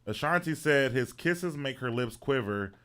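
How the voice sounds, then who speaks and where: Animated man reading trivia questions. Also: medium pitch, a little slow, slight background noise. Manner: animated, counts down, announces answers. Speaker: quiz host.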